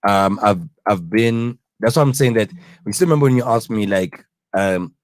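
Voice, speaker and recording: A man chatting casually as a podcast host, explaining his ideas in an earnest, halting way with lots of fillers and restarts. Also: fairly low pitch, no room sound. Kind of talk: casual chat.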